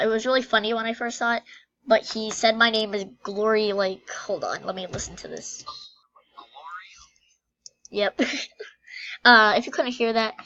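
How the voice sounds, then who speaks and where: A young woman chatting in a casual, excited vlog, giggling and rambling as she talks about a game. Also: medium pitch, lo-fi sound. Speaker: gaming vlogger.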